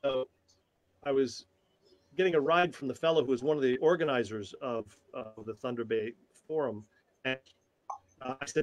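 A man in his sixties, a tai chi teacher and interview guest, telling a story in an animated, halting way with frequent restarts. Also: mid-range voice, a little hiss or hum.

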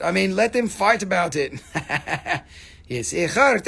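A man's voice: sits high, unhurried, creaky, breathy edge. A man hosting a live rock sale stream, joking and swearing as he goes. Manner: joking, profane, animated. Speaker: livestream rock seller. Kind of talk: live sales stream, casual chat.

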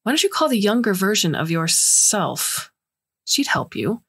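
A woman's voice: medium pitch, sing-song, measured pace, a bit bright, slightly rough, voice pushed up, exaggerated voice. A woman voicing a wary, indignant young male alien researcher.

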